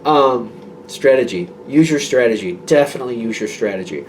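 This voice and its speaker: A man's voice: mid-range voice, expressive, brisk, recorded from a distance, a little hiss or hum. A man giving a casual tarot reading to his viewers, rambling and reassuring, with many fillers and restarts. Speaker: tarot reader.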